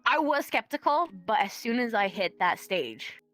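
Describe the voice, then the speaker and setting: A woman's voice: fairly high pitch, sing-song, normal speed, music in the background. A young adult woman, a guest dancer, chatting candidly in an interview, laughing often and swearing casually.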